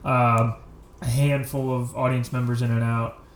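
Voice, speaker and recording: A man's voice: medium pitch, flat delivery, unhurried, echoey room. A man, a comedian co-hosting a podcast, answering in brief, laid-back casual chat.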